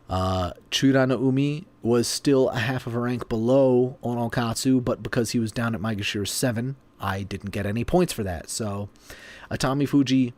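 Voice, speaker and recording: A man chats casually on a home livestream, at a middling pitch for a man. He pokes fun at himself, laughs easily, and keeps talking between bites of food. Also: darkish tone, no room sound. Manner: chatty, self-deprecating, laughs often. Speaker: sumo livestream host.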